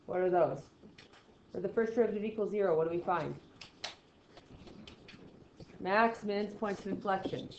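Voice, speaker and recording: A woman leads a math lesson in a relaxed, chatty way. She keeps firing off quick questions and answering them herself. The recording is a bit dull, with faint background noise. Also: mid-range voice. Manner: casual and encouraging. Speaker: math teacher. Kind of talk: classroom lecture.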